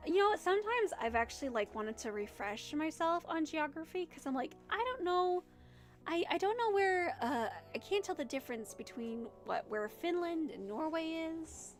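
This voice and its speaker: A woman's voice: high voice, lively intonation, normal speed, soft background music. A young woman with a Midwestern accent, chatting casually on a livestream, rambling and giggling as she answers chat. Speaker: streamer.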